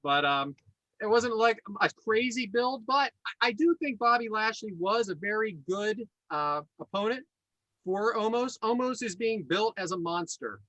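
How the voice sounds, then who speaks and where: A man hosting a podcast in casual chat, enthusiastic and quick to laugh and joke. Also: high voice, animated, sharp tone, no echo, highs cut off. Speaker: podcast host.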